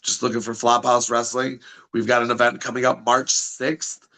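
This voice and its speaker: A man's voice: mid-range voice, flat delivery, moderate pace, gravelly, bright, forceful tone, rough recording. A man chatting as a podcast guest, brash and swearing, talking up his wrestling events while losing his voice. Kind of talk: casual chat.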